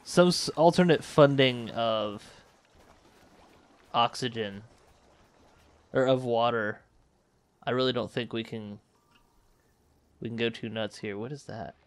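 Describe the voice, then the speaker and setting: A man's voice: medium pitch, slow pace, pauses often, smooth. A man hosting a let's play, thinking aloud and correcting himself as he manages a space colony game. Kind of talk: casual gameplay commentary.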